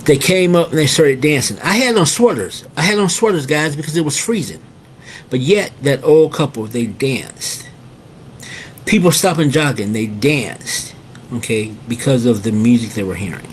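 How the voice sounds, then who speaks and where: A man's voice: medium pitch, animated, moderate pace, a little hiss or hum. A middle-aged man hosting a casual storytelling monologue. He repeats his phrases and keeps addressing his listeners as guys. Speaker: host.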